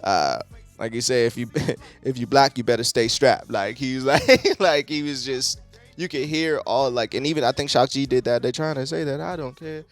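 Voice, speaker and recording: Casual male album reviewer, mid-pitched, salty and rambling, faint beat underneath. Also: moderate pace, soft background music. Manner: loose, profane, heavy on "like". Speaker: music reviewer.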